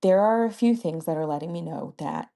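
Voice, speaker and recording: Young woman podcasting, gravelly low voice, lots of ums and laughs. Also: lively intonation, a little fast, warm tone. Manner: chatty, laughs often, many fillers. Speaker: podcast host. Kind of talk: casual chat.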